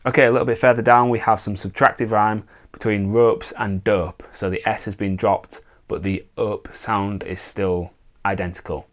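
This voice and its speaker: Low-voiced man explaining rhyme types. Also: normal speed. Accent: non-American English. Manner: relaxed, explains step by step with many "uh" and "um" fillers. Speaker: songwriting teacher. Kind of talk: casual explanatory lesson.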